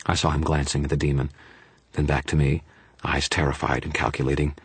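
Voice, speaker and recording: A male narrator with an extremely deep, very husky voice reads a first-person fantasy audiobook. His delivery is grim and dramatic, and the sound is close and completely dry. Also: flat delivery, a little fast, dry recording.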